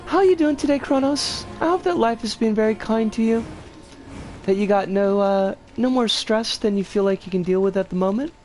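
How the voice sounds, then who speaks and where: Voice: moderate pace, soft background music. A game streamer chatting casually over gameplay and greeting viewers by name. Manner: chatty, greets viewers warmly, swings pitch a lot. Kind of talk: casual live game commentary.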